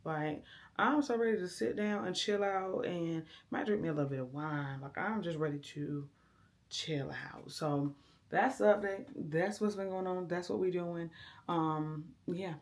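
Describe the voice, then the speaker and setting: A woman's voice: on the low side, measured pace. A young woman, chatting casually to her camera at home in a laid-back vlog, talking straight to her viewers. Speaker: vlogger. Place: at home, indoors. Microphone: handheld camera.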